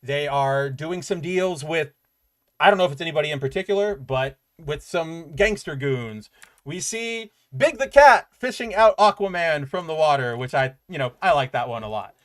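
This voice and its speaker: Male podcast co-host, chatty and loose, a touch higher-pitched, casual comics rundown. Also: moderate pace. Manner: chatty and animated, loose fillers and asides. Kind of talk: casual comic book review chat.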